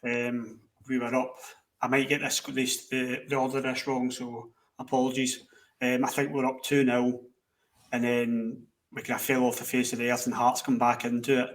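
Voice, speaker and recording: Scottish man, podcast guest, even-toned storytelling, quotes with swearing, sits back from the mic. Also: medium pitch, moderate pace. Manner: animated anecdote-teller, acts out quotes, swears. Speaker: podcast co-host. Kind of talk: casual storytelling. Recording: distant mic.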